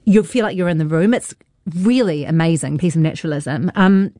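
A woman gushes about films in relaxed studio chat. Her voice is mellow and a little low. The sound is close and dry. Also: fairly quick, dry recording. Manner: gushing, enthusiastic, animated. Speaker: film reviewer. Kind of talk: casual radio film review chat.

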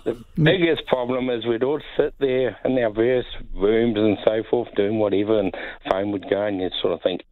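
A man's voice: fairly low pitch, steady tone, normal speed, narrow, tinny audio. A man calling in to a radio show, telling a story and laughing as he goes. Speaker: caller. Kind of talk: phone-in storytelling.

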